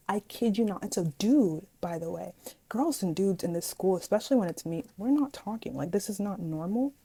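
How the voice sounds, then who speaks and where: A woman's voice: medium pitch, normal speed, slightly rough, low-quality recording. Chatty young woman telling a dramatic story. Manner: chatty, animated, dramatic asides, addresses viewers as guys. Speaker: vlogger. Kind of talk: casual storytime.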